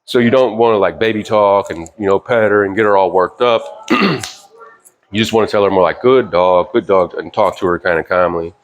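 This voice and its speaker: A man teaching dog training in a relaxed, rambling way with many fillers, giving short sharp commands to a dog. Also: lowish voice, a little fast. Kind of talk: casual instructional talk. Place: indoors with a dog.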